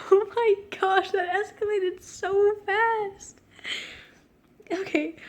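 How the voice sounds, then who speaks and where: A woman's voice: very high voice, extremely slow, pauses often. A woman reading aloud a story she wrote as a child, breaking off to laugh and mock it. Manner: giggly, self-mocking, breaks off to laugh. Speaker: reader of her own childhood story. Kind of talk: casual reading with joking commentary.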